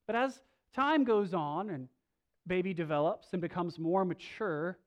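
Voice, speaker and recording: A male pastor preaching a sermon, moving between loud, slow emphasis and soft, low asides, with casual restarts. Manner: conversational, with filler restarts.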